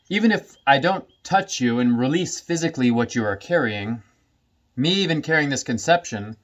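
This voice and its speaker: A man who works as a somatic healing practitioner, talking casually to camera and often laughing between his phrases. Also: medium pitch.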